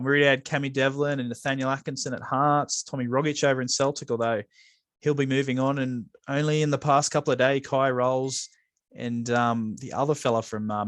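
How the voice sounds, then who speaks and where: An Australian man in a relaxed football talk with his co-host, easygoing and a little halting. The room is dry and close. His pitch sits in an ordinary middle range. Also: no echo. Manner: relaxed, hesitant with fillers. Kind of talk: casual football chat.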